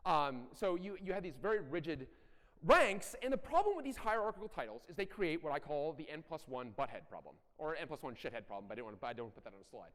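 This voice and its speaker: A middle-aged man giving a conference talk, animated and blunt, with self-deprecating asides and occasional profanity. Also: fairly high pitch, fast. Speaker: conference speaker. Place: large conference hall. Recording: echoey hall.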